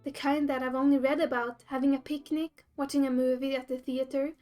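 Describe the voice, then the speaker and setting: A woman's voice: high voice, little pitch movement, fairly quick, mellow, faint music behind, lightly acted. A woman reading a cheerful, slightly formal young woman who bakes, in a dating game. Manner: polite, slightly formal phrasing.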